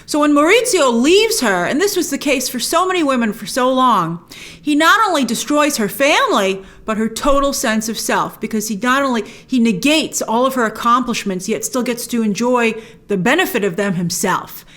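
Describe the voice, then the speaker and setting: A woman hosting a spoiler movie review, opinionated and animated, acting out lines she quotes. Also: on the high side, normal speed.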